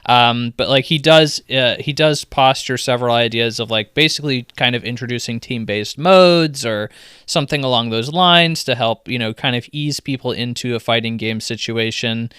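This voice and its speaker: A man's voice: mid-range voice, moderate pace, fairly bright tone, clear, resonant tone, no echo, clean studio sound. A man co-hosting a casual gaming podcast, wry and joking as he talks things over with friends. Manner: wry, joking, slips into mock grumpy voices. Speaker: podcast co-host.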